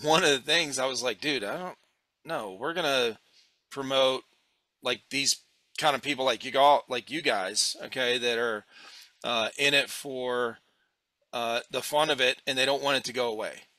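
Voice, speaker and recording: A middle-aged man hosting a casual podcast, blunt and outspoken, with swearing and lively asides. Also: medium pitch, normal speed, no echo. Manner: blunt, swearing, animated storyteller. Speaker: podcast host.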